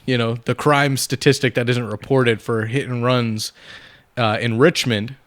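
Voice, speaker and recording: A man's voice: mid-range voice, fairly even intonation, unhurried, fairly bright tone, dry recording. A man co-hosting a podcast, chatting casually and hedging with lots of fillers. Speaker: podcast co-host. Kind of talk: casual chat.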